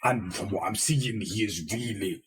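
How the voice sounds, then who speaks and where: In a lowish, fairly bright voice at normal speed, a young man hosts a music reaction video with slang-heavy, casual chatter, repeatedly asking "you know what I mean." A little hiss or hum sits in the audio.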